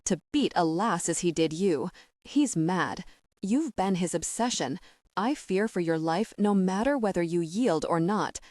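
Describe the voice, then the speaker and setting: A woman voicing an anxious, impatient serving woman who speaks in an urgent, hushed way in an audiobook. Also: on the low side, expressive, a little slow, no echo, studio quality.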